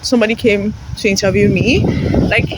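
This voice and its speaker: A woman's voice: medium pitch, fairly even intonation, a little fast. A young woman vlogging to her phone outdoors on a busy street, chatty and rambling and laughing often. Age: young adult. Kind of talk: casual vlog talk to camera. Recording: loud traffic noise outdoors.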